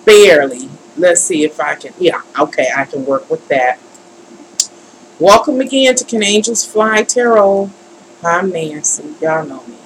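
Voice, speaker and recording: Woman, tarot livestream host, slow, fussing aloud, frustrated. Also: on the low side, fairly bright tone, slight background noise, low-quality recording. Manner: frustrated, fussing and muttering to herself. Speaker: tarot reader hosting a livestream. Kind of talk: live-stream chat.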